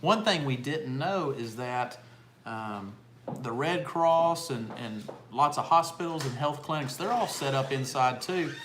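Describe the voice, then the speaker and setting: A man's voice: mid-range voice, expressive, measured pace, a bit bright, slight background noise. A middle-aged man co-hosting a casual live chat, rambling with restarts and fillers. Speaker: homestead channel co-host. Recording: echoey room, faint ambience.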